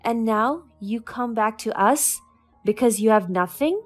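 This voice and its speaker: A woman's voice: a little high, lively intonation, a little slow, faint music behind. A woman reading the lines of a resentful grown daughter who speaks in a cutting, accusing way. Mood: cold.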